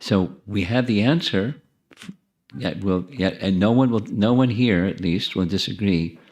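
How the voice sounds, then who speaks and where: A deep-voiced man lecturing on spiritual teachings, talking in a loose, conversational way. He often restarts his phrases and turns to the audience with friendly asides. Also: measured pace, darkish tone. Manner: repeats and restarts phrases while thinking. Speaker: monk giving a spiritual talk.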